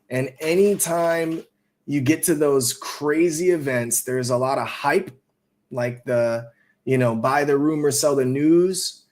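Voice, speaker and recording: A man streaming live and chatting about trading in a loose, rambling way. His pitch sits in the middle of a man's range. He swears casually and fills his talk with "you know" and "like.".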